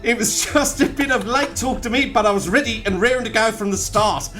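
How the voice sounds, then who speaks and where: A man's voice: high voice, a little fast, sharp tone, faint music behind, voice pushed up. A man doing a comic impression of a cheerful young footballer, in a put-on Australian accent with a Sunderland tinge and a laugh running through the words. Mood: chuffed, cocky. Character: upbeat young male footballer, cheerful and chuffed.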